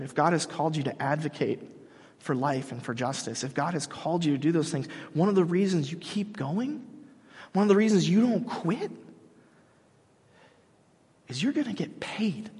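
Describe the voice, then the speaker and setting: A man preaching a sermon as pastor, animated and emphatic, often restarting his sentences. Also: a little high, moderate pace, slightly rough, in a large hall.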